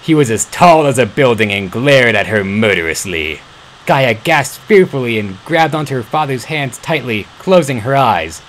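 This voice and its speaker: A man's voice: mid-range voice, animated, moderate pace, a bit bright, a little hiss or hum, low-quality recording. A man reading a fan story aloud, stumbling and correcting himself now and then. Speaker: fan-fiction reader.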